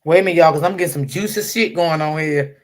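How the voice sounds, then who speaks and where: A woman's voice: sits low, fast. A woman hosting a casual live stream and reading the chat out. She laughs often, calls on the Lord and swears freely.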